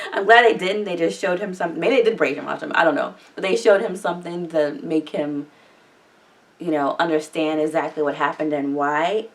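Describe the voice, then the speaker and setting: A woman's voice: deep voice, far from the mic. A woman hosting a reaction video, chatting casually and rambling with lots of filler words.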